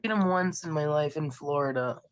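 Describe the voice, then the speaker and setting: A woman live streaming with a hoarse voice from being sick, rambling casually, laughing and swearing now and then. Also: low-pitched, brisk, low-quality recording. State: hoarse from illness.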